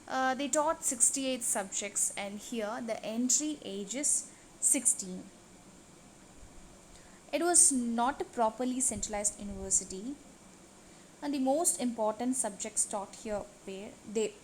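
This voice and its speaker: A woman teaching a lesson over slides, reading long lists in a steady, even delivery. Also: mid-range voice, slight background noise, low-quality recording.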